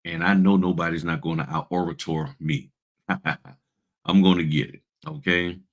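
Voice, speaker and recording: A middle-aged man talking casually to his viewers in a vlog, animated and motivational, acting out people's reactions as he goes. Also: low voice, measured pace, highs cut off. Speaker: notary, channel host.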